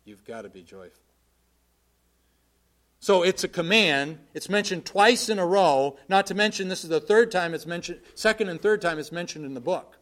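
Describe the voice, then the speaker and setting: A man preaching a sermon in an earnest, plainspoken way, swinging from forceful emphasis to quiet asides. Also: high voice, animated, moderate pace.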